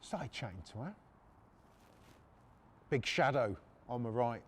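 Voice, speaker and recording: A man's voice: mid-range voice, lively intonation, slow, long pauses, slight background noise. A middle-aged man, telling crude, profane stories on his podcast with lots of fillers. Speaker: podcast host. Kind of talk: anecdotal storytelling.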